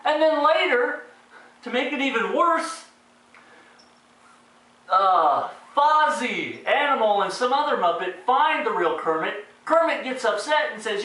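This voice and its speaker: A man's voice: very high voice, expressive, takes it slowly, sharp tone. A man giving a casual, sarcastic and profane ranting review of a movie, sounding exasperated. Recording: very echoey room, distant mic.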